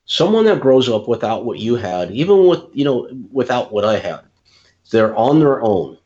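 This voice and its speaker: A man hosting an interview, speaking in a casual, halting way with frequent stammers and restarts. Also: medium pitch, sing-song, mellow, highs cut off. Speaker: interviewer, podcast host.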